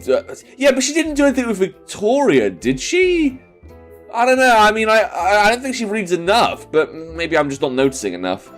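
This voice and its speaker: Animated man chatting over a game. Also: high voice, normal speed. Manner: chatty, laughing, rambling asides. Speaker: let's play host. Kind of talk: playing and reading a dating game aloud. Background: faint game music.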